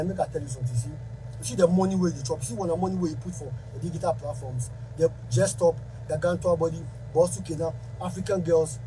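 Man, Ghanaian Pidgin accent, high voice, heated rant to camera, repetitive, faint background noise. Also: warm tone, rough recording. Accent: Ghanaian Pidgin English. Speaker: musician.

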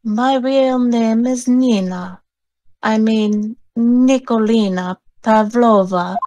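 A woman's voice: on the high side, takes it slowly, dark tone, slight background noise. Woman doing a Russian-accented runaway ballerina. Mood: pleading. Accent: put-on Russian. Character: young woman ballerina on the run.

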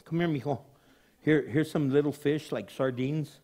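A man's voice: fairly high pitch, fairly even intonation, moderate pace, mellow, natural voice. A man doing a doting, fussing mama. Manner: doting, coaxing. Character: fussing mother packing a lunch.

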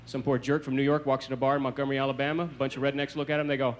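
A man from the American South doing a stand-up comedy routine on a TV stage, with a brisk, punchy delivery. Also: mid-range voice, flat delivery. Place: comedy stage before a live audience. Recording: noisy 1980s TV stage recording.

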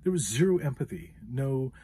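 A man's voice: medium pitch, sing-song, normal speed, dark tone, a little hiss or hum. A man hosting a podcast, telling a frustrated story in a casual monologue with many fillers. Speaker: podcast host.

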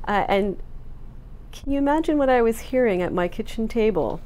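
A woman's voice: on the high side, expressive, moderate pace, darkish tone, slight background noise. A middle-aged woman from Canada, a language researcher, explaining her findings with enthusiasm in a filmed interview. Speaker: linguistics researcher.

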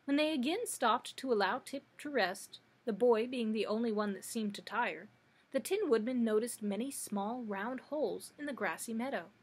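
A woman librarian reading a storybook aloud in steady narration. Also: on the high side, moderate pace, breathy edge.

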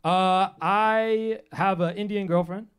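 A man's voice: sits high, clear, resonant tone. Young male comic doing stand-up. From Manchester, New Hampshire, US. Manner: quick deadpan punchlines, voices his family in quotes. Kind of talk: stand-up set. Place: comedy club stage.

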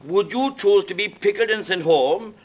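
An actor with an Irish accent playing a genial, dryly ironic duelling gentleman in a stage play recording. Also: sits high, moderate pace.

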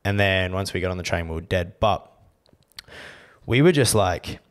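Young male co-host, slightly low voice, loud and blunt, heavy swearing, casual banter. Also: animated, moderate pace. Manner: brash, swearing, ranting. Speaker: podcast co-host. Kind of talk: casual chat.

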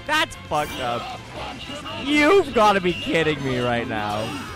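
A man streaming a video game live in casual chat, excitable and profane, laughing and greeting viewers loudly. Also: high-pitched, slow, music in the background. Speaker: livestreaming gamer.

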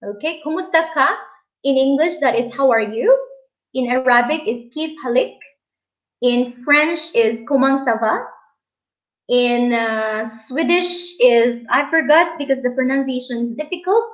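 A woman's voice: high voice, a little slow. A woman hosting a casual livestream, chatting, laughing and reading viewer comments aloud. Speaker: livestream host. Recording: dull lo-fi stream audio.

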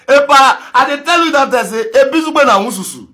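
A man with a Nigerian Pidgin accent ranting on a live video, mocking others with frequent laughter and sudden shouts. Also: high-pitched, very animated, a little slow. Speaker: social media commentator.

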